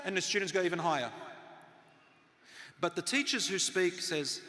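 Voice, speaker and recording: A middle-aged man giving an earnest sermon, moving from loud emphasis to soft, hushed tones. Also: on the high side, brisk, big-room sound. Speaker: Islamic lecturer.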